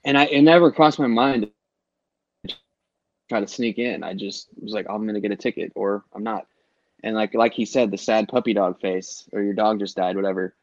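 Middle-aged man, lowish voice, loose swearing storyteller for a casual podcast, dry slightly muffled mic. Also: normal speed, no room sound. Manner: rambling storyteller, swears freely, acts out quotes. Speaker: guest telling concert stories.

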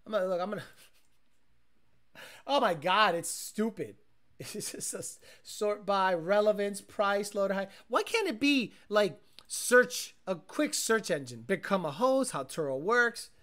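A man hosts a casual live stream and talks straight to his chat. His voice is bright and lively, swinging up and down in pitch. He rants in a profane, exasperated way. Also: a little slow. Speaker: livestream host reading chat.

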